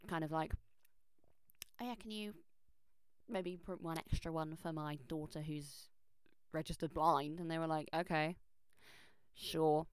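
A young woman telling a personal story in a chatty, animated way, full of fillers and restarts. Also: low-pitched, a little slow, pauses often, a little hiss or hum. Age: young adult. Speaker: vlogger. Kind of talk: casual storytelling. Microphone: close microphone.

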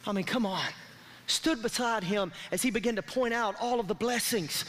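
A man delivers a sermon in a high, bright voice. The long reverb of a large church hall trails after his words as he draws the congregation into call-and-response. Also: moderate pace. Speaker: pastor. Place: church sanctuary.

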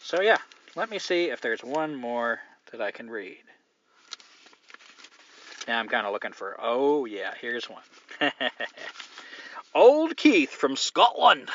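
A man's voice: mid-range voice, lively intonation, measured pace, long pauses, a bit bright, slight background noise. A man hosting a podcast alone, talking in a blunt, profane, opinionated way in casual conversation. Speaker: podcast host. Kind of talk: casual solo podcast rant. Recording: dull lo-fi dry sound.

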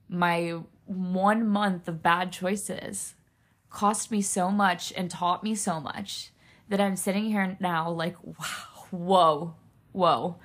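A young woman hosting a solo podcast, speaking earnestly and emotionally straight to her listeners, near tears. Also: fairly low pitch. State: tearful. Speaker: podcast host.

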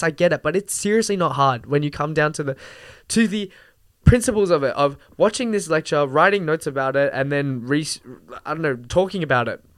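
Young man ranting, smooth dry voice. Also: fairly high pitch, no echo. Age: young adult. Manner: animated, swears, frequent fillers and laughs. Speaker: podcast host. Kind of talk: casual rant.

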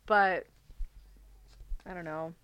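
Woman podcast co-host, smooth voice, casual chatty delivery with fillers, dry. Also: lowish voice, steady tone, drawn-out words, no echo, muffled recording. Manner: chatty, many "um"s, acts out quotes. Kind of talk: casual chat.

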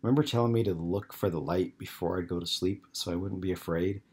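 Speaking slowly and earnestly, a man in his twenties reads the part of a troubled young man. He uses his own low, husky voice, which has a darkish tone.

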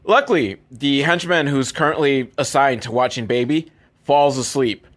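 A man's voice: medium pitch, moderate pace. Male movie reviewer, dry and sarcastic, cursing through a rambling plot recap. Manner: profane, deadpan, rambling with asides.

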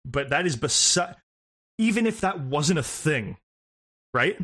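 A man's voice: fairly high pitch, sing-song, unhurried, a bit bright. A man co-hosting a casual gaming podcast, rambling, swearing and laughing as he talks. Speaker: podcast co-host.

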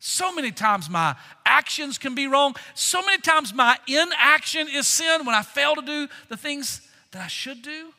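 A man, a pastor, preaching a sermon with a confessional, self-deprecating tone, swinging between loud emphatic bursts and hushed low phrases. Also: lively intonation, normal speed, hardly any pauses, big-room sound.

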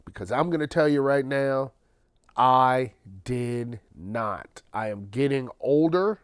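A man's voice: mid-range voice, slow, clear, resonant tone, dry recording, clean studio sound. A man hosting his own podcast, ranting casually and sarcastically with plenty of swearing, tired late at night. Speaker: podcast host. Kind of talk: casual solo monologue.

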